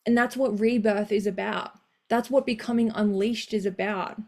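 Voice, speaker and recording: A woman coach hosting a live motivational session, energetic and blunt, swearing casually and cheering her listeners on. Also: medium pitch, moderate pace.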